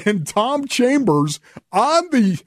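A man's voice: very high voice, big pitch swings, slow pace, no echo. A man hosting a sports radio show, joking and teasing his co-host in casual talk. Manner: playful, teasing, repeats words for effect.

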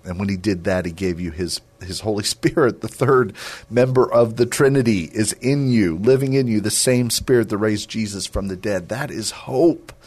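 Casting: middle-aged man, very low voice, earnest Christian host exhorting listeners. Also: normal speed, a little mellow, breathy edge. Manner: earnest, affirming, preacher-like urging. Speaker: radio and podcast host, ministry leader. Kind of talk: Christian encouragement talk with a closing exhortation.

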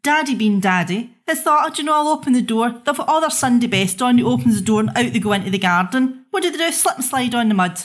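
A woman's voice: a little high, lively intonation, quick pace, few pauses. Exasperated Scottish mother ranting. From Scotland. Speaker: mother telling her story. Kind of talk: monologue.

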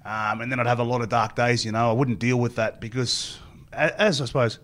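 As a guest in a storytelling interview, a middle-aged former rugby player from Queensland, Australia, tells long stories at a quick clip in an ordinary mid-range voice that is steady and a bit bright. He rambles from one anecdote to the next, acting out other people's words.

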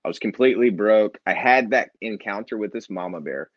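A man with a low voice tells a personal story as a guest in a casual interview, slipping into the voices of the people he quotes. The sound is dry and a little dull, as on a lo-fi recording. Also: fairly quick, no room sound. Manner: animated storyteller, acts out quoted dialogue. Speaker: guest, nonprofit founder.

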